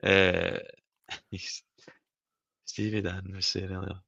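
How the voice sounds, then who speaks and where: Scottish man, deep gravelly voice, bright forceful tone, lively storyteller. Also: slow pace, no room sound, muffled recording. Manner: animated storyteller, laughs often. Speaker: stream host. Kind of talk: casual chat.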